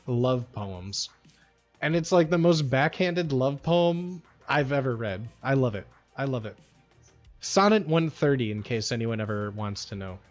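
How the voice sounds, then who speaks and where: A man chatting casually on a livestream, rambling and slangy and full of "like" and "bro.". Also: a little high. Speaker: livestream streamer. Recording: dull lo-fi sound with faint music.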